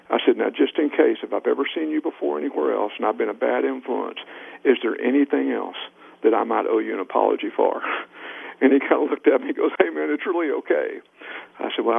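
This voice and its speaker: A middle-aged leadership trainer with a fairly low, gravelly voice tells earnest anecdotes as a radio interview guest, acting out the dialogue he quotes. He comes through on a tinny phone line.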